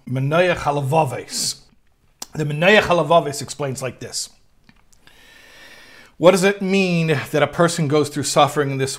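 A man teaching a text study class, reading passages aloud and translating them line by line, with lively rises when he quotes. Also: medium pitch. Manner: reads Hebrew text then translates line by line; animated, voice rising when quoting. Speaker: Torah teacher.

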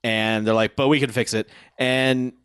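A man's voice: moderate pace, clear, resonant tone, dry recording, studio quality. Sardonic man recapping a movie plot. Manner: sardonic, mutters quoted lines low and flat. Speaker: podcast co-host. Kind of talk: casual movie review chat.

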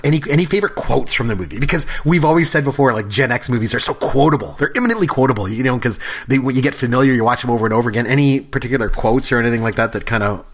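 A man's voice: medium pitch, a bit bright. A middle-aged man co-hosting a podcast in casual chat, rambling with fillers and restarts. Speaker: podcast co-host.

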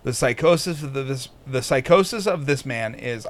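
A man's voice: mid-range voice, animated, normal speed, hardly any pauses. A man hosting a podcast in casual chat, swearing constantly and sneering sarcastically. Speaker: podcast host. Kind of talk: casual profane commentary.

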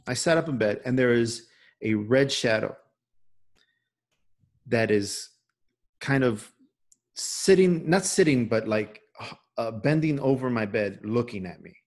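A man hosting a podcast, telling a personal story in a casual, animated way, full of restarts and "right?". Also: medium pitch. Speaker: podcast host.

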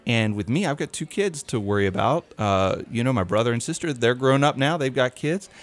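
A man co-hosting a podcast, telling lively stories in casual chat and laughing often. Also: mid-range voice, a little fast. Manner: animated storyteller, laughs often. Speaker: podcast co-host.

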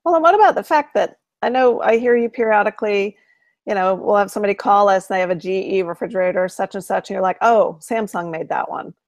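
A woman's voice: medium pitch, quick pace, no echo. A woman co-hosting a show, casually recapping news stories and chatting. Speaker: co-host of an appliance repair show. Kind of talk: casual chat.

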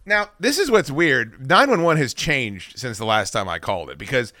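A male podcast host telling a story in a casual, profane way, his pitch swinging widely as he acts out what he yelled. His voice is bright and forceful. Dry, close studio sound. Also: normal speed, no room sound. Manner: profane, animated, acts out his own shouting.

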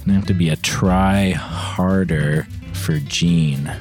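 A man voicing an earnest, anxious male coach at a school for babies in an improvised comedy sketch, who shifts into high frantic cries. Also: slow, soft background music. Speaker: comedy podcast co-host.

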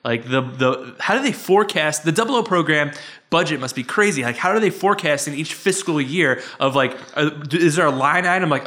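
Male co-host, casual comic riffing, slightly raised pitch, laughs easily. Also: lively intonation, fairly quick, bright, forceful tone. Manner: rambling, joking, laughs often. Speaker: podcast co-host. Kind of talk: casual comedic chat.

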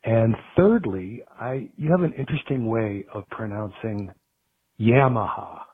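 A man's voice: lowish voice, animated, normal speed, husky. A man leaving a phone message for a podcast, working through his questions one by one in a methodical way. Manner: methodical, listing questions in order. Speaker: caller. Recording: tinny phone line.

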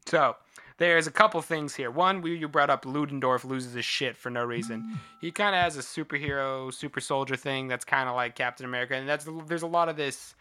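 A man's voice: medium pitch, brisk, clear, resonant tone. A man chatting casually about a film, laughing often and acting out lines. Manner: animated, laughs often, acts out quotes. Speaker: co-host reviewing a film. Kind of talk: casual chat.

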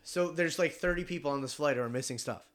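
A young man casually telling a travel story, animated, swearing and acting out the other people in it. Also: a little high, fast. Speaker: podcast regular telling a story.

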